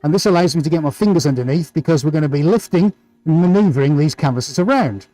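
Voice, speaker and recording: A man's voice: on the high side, lively intonation, fast, dark tone, poor audio. A man hosting a live painting stream, chatting enthusiastically and playfully as he greets viewers. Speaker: livestream host and painter.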